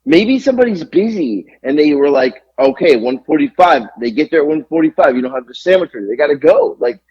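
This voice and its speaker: Podcast guy ranting a story, swears a lot, voice swings all over, kinda husky, dull lo-fi sound. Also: a little high, brisk. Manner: animated, profane, exasperated ranting. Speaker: podcast co-host. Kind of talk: casual storytelling rant.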